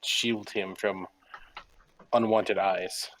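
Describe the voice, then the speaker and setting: A man's voice: deep voice, steady tone, extremely slow, fairly bright tone, a little hiss or hum, exaggerated voice, low-quality recording. A man voicing a polite, cautious adventurer who speaks hesitantly, with frequent restarts. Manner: hesitant, courteous, stumbling restarts. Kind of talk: tabletop role-play in character.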